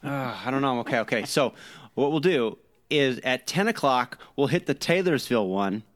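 A man's voice: medium pitch, expressive, normal speed, fairly bright tone. A man co-hosting a casual chat, teasing and sarcastic in his banter. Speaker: podcast co-host.

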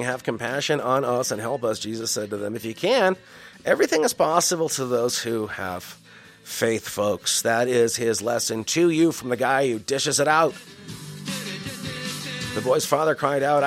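Wisecracking man reading scripture. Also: mid-range voice. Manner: wisecracking, slangy asides between scripture lines. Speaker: scripture reader and commentator. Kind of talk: joking Bible reading with commentary.

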